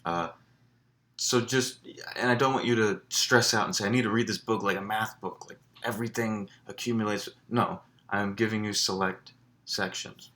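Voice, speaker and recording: A man's voice: on the low side, steady tone, normal speed, bright, forceful tone. A man teaching a college writing class in a recorded lecture, explaining in a conversational way with fillers and restarts. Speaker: college English instructor.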